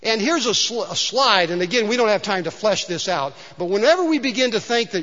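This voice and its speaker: Male pastor, high voice, chatty sermon delivery with rhetorical questions, muffled recording in a long-reverb sanctuary. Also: sing-song, fairly quick, a bit bright. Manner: conversational, asides and rhetorical questions. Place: church sanctuary. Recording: dull sound with long hall reverb.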